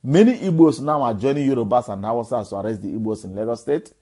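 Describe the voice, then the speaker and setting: A man's voice: mid-range voice, fast, dark tone, husky, low-quality recording. A man with a Nigerian Igbo accent, a native Igbo speaker, giving an impassioned appeal to his followers, preachy and full of rhetorical questions. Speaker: activist addressing followers. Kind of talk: impassioned direct-to-camera appeal.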